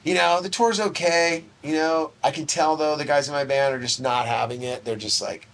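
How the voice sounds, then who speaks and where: A man's voice: a little high, moderate pace. A middle-aged man telling a long anecdote in a casual interview, acting out the other people's lines and swearing freely. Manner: animated anecdotes, acts out quoted voices, swears casually. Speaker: interview guest. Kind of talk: casual storytelling.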